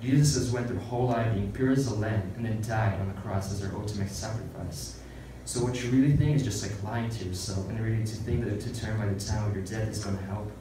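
A man reciting a rhyming spoken-word piece about sin, then sharing a halting testimony full of fillers. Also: lowish voice. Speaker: church retreat participant reciting a poem. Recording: echoey room, far from the mic, noisy.

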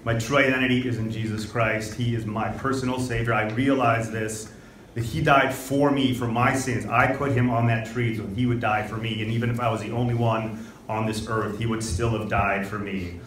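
A man's voice: medium pitch, fairly even intonation, normal speed, fairly bright tone, a little hiss or hum. A man from Ohio giving an earnest, confessional testimony of faith with repeated phrases. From Ohio, United States. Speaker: retreat participant giving testimony. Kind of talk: personal testimony. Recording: echoey room, far from the mic.

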